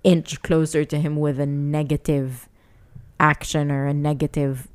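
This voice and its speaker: Woman cohost chatting casually, deep-ish voice, fired up and earnest, lots of restarts. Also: level tone, unhurried, a little mellow. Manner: earnest, indignant, many restarts. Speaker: podcast co-host. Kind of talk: casual chat.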